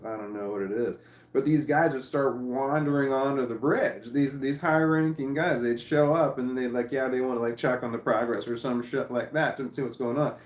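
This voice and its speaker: Rambling, chuckling man in an echoey room. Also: medium pitch. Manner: rambling, laughs often, casual swearing. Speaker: vlogger. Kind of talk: casual storytelling.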